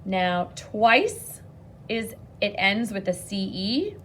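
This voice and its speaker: A woman teaching a phonics lesson to children on video, patient and encouraging, speaking slowly and clearly. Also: mid-range voice, big pitch swings, a bit bright, slight background noise.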